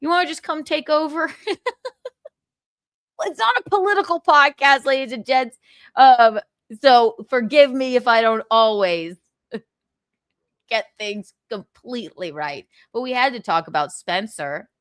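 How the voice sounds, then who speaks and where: A woman's voice: fairly high pitch, unhurried, pauses often, fairly bright tone, no room sound, studio quality. A young woman hosting a livestream, chatting casually, reading viewer comments and laughing often. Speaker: livestream host.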